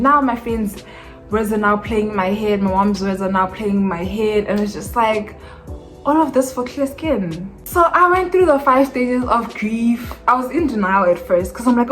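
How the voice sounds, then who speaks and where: A woman's voice: on the high side, normal speed, faint music behind. A young woman telling a storytime vlog, chatty and emotional, with many fillers. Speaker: skincare vlogger.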